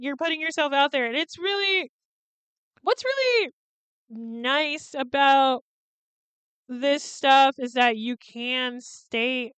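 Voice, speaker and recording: A woman's voice: sits high, fairly bright tone, smooth, dry recording. A woman in her thirties hosting a podcast, chatting casually and profanely as she recaps a movie and acts out its lines. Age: 30s. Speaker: podcast host.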